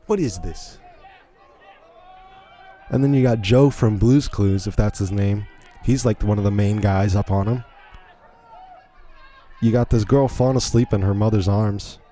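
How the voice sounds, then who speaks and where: A man's voice: lowish voice, fairly even intonation, moderate pace, mellow. A man hosting a podcast, giving incredulous, rambling play-by-play commentary on a video in a casual way. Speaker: podcast host.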